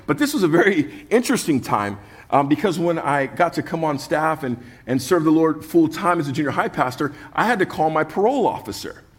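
Husky, earnest male pastor preaching. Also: fairly high pitch, lively intonation, fairly quick. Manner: earnest preaching with humorous storytelling. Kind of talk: sermon.

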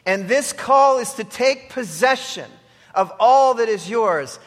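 A man's voice: very high voice, lively intonation, takes it slowly, in a large hall. A man preaching a sermon as pastor, earnest and emphatic, pressing his listeners with repeated exhortations.

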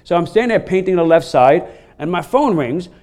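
A man preaching a sermon as pastor, telling stories in a lively, conversational way from a church stage. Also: high-pitched, a little fast. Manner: storytelling, animated and laughing during funny stories. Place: church sanctuary.

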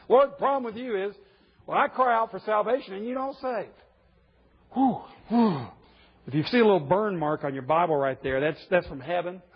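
A male preacher delivering a sermon, animated and jumping up high in pitch when he quotes complaints. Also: husky. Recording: dull echoey hall.

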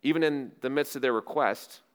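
A male pastor preaching a sermon as dramatic storytelling, swinging between loud rhetorical questions and hushed, low phrases. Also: brisk, clear, resonant tone.

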